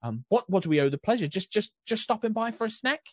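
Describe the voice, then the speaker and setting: A man's voice: sits high, big pitch swings, fast talker, darkish tone, no echo, studio quality, voice pushed up. A man voicing a flustered, fawning middle-aged woman baker with an English accent, stammering and gushing.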